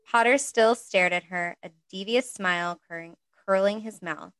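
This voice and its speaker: A woman reads a story aloud casually in a mid-range, slightly bright, smooth voice at normal speed, now and then breaking off for chatty asides of her own and laughing. There's no echo, but the audio quality is poor.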